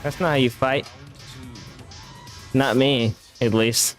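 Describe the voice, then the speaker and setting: A man's voice: medium pitch, fairly even intonation, takes it slowly, faint music behind. A man giving live gameplay commentary as a streamer, talking back at the game with profane, reactive trash talk.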